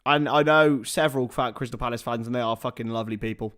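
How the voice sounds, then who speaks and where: With a medium-pitched voice and a quick pace, a man runs a live watchalong of a football match, switching between commentary and casual talk with his audience. Expect swearing, plenty of "lads," and sudden loud bursts of excitement.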